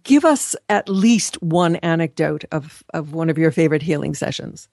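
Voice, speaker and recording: A woman's voice: sits low, animated, moderate pace, gravelly, no room sound. Woman interviewer, dry close sound. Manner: warmly praising, prompting the guest. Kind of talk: conversational interview.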